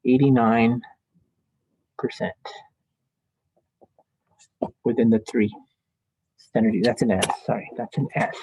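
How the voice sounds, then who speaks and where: A man's voice: mid-range voice, warm tone, slightly rough, no echo, rough recording. A man teaching statistics in a classroom lecture, chatty and joking as he thinks aloud at the board.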